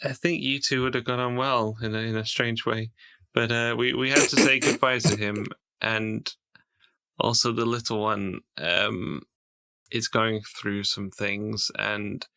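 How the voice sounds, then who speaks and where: A man's voice: on the low side, little pitch movement, unhurried, creaky, bright, forceful tone, smooth, full character voice. A man playing a friendly adventurer who rambles and hesitates in a tabletop game. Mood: flustered. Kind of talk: tabletop role-play voice.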